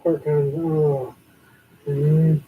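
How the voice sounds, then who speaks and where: A podcast co-host in casual, excitable conversation. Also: mid-range voice, very slow, phone-quality sound, a little hiss or hum. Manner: excitable, emotional, chatty. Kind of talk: casual chat.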